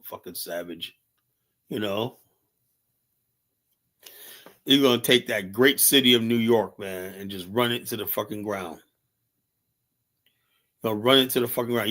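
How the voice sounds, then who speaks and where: A man's voice: medium pitch, pushed and bright. A man hosting a livestream, ranting in a heated, profane, rambling way with many restarts. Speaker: livestream host. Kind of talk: casual livestream rant. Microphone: streaming setup mic.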